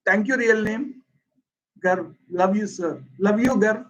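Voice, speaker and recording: A man's voice: sits high, slow pace, fairly bright tone, highs cut off. A man with an Indian accent, a Hindi speaker, answering viewers' questions in an earnest, emphatic livestream English lesson. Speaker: English teacher.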